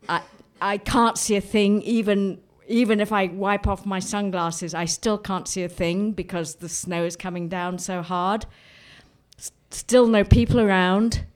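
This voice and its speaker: A woman's voice: medium pitch, steady tone, measured pace. A woman telling a personal anecdote in a vivid, dramatic way, often repeating herself. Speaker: storyteller.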